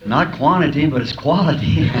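Folksy preacher man, lo-fi tape. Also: medium pitch. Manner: homespun storytelling, chuckling at his own jokes. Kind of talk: folksy sermon with humorous anecdotes. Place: school auditorium before a congregation. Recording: dull lo-fi archival tape with faint hiss.

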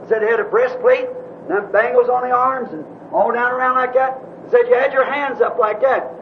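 A man with a very high voice tells a story in a sermon, preaching in a folksy, rambling way. The recording sounds dull and muffled like an old tape, with a faint hiss underneath.

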